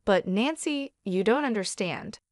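A deceitful husband who has been caught out, stammering and pleading for understanding, as a woman puts him on. He is read in a plain storybook voice at a middle pitch. The sound is dry and close. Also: sing-song, unhurried, no room sound.

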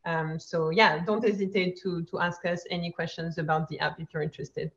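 A woman's voice: fairly low pitch, steady tone, fairly quick, fairly bright tone. A woman presenting a product update on a video call, hesitant with many fillers. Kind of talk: virtual conference update. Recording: dull lo-fi video call audio.

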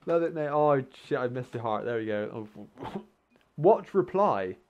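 A man gives casual, sarcastic commentary over his own gameplay, cursing freely at his teammates. His voice is gravelly with a creaky edge. His pitch swings widely between mutters and exclamations. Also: very animated, a little slow, highs cut off. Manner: sweary, sarcastic banter at teammates; frequent exclamations and laughs.

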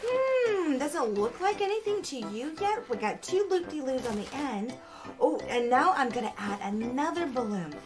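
A woman hosting a children's show, talking excitedly to small children with lots of gasps and a sing-song delivery. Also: sits high, normal speed. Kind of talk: children's program presenting. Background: background music.

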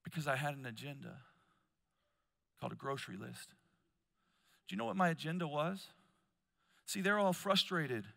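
A man preaching at a conference, telling stories with loud emphatic bursts and quiet low asides. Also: animated, a little fast, gravelly, long pauses. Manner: storytelling, swings between loud emphasis and hushed low asides. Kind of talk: conference sermon. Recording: long hall reverb.

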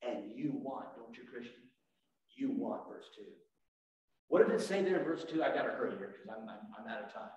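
A man preaching a sermon as pastor, animated, swinging from shouts to quiet asides. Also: mid-range voice, a little fast, muffled recording. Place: church sanctuary. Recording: echoey church room from far off.

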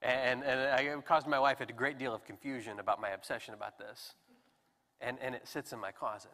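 A man preaching a sermon in a relaxed, conversational and self-deprecating way with animated emphasis. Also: medium pitch, fairly quick. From United States. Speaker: pastor. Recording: long hall reverb.

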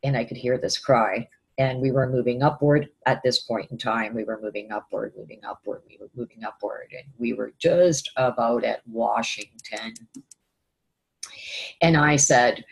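A woman's voice: extremely low pitch, animated, normal speed, husky, rough recording. A woman telling a personal spiritual vision to camera, hesitant and full of fillers and repeated phrases. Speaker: vlogger recounting a spiritual vision. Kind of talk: personal testimony storytelling.

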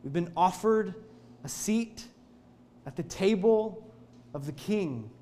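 A male pastor preaching a sermon in a church, telling the story in an earnest, expressive way. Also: high voice, slow pace.

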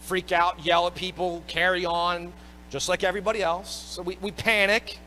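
Bright high-voiced man preaching. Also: little pitch movement, moderate pace, a little hiss or hum, rough recording. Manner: emphatic, repeats words, acts out quotes. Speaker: pastor. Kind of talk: sermon.

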